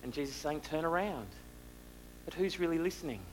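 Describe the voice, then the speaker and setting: A man preaching a sermon, asking the listeners rhetorical questions and moving between loud and hushed delivery. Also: on the high side, lively intonation, brisk, a little hiss or hum, rough recording.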